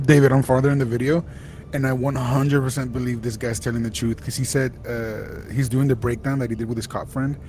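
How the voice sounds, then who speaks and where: A man's voice: medium pitch, moderate pace, a little hiss or hum. A man with a South Texas accent, chatting casually and bluntly with friends on a stream, swearing a lot. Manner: blunt, profane, excitable banter. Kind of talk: casual chat.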